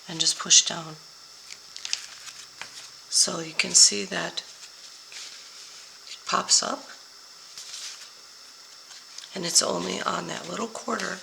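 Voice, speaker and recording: An older woman with a hoarse voice, slowly explaining each step of a papercraft card tutorial while she works. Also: on the low side, background noise. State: hoarse, voice going out. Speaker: papercraft demonstrator.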